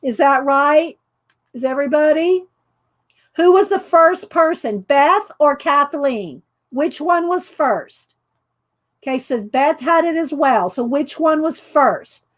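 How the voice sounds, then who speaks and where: A woman's voice: high voice, lively intonation, takes it slowly. A woman running a live craft demonstration, chatting with viewers and giggling often as she goes. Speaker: art journaling instructor.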